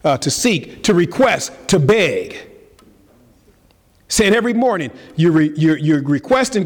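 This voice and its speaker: Pastor guy preaching, high voice, big swings loud to soft, echoey church. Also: very animated, a little slow. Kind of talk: sermon. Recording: hall reverb with faint ambience.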